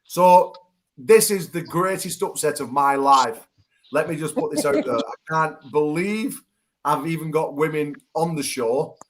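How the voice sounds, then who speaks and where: A man's voice: a little high, a little slow. A man hosting a casual online chat show over a video call, teasing and swearing with his guests. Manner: teasing, swearing, laughing loudly. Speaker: show host.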